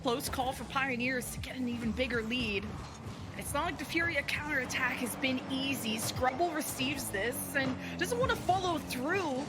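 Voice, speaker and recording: A woman giving measured, analytical esports commentary, played on a stream. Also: high-pitched, over music.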